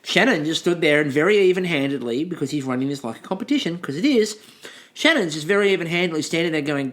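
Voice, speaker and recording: A man's voice: fairly high pitch, animated, fast talker, fairly bright tone. A man co-hosting a casual podcast, chatting and acting out quoted lines as he recaps a cooking show. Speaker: podcast co-host.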